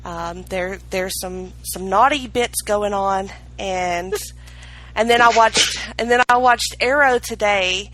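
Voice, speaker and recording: Slow-talking woman co-host, hesitant. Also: mid-range voice, fairly bright tone, rough recording. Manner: hesitant, rambling, filler-heavy. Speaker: podcast co-host.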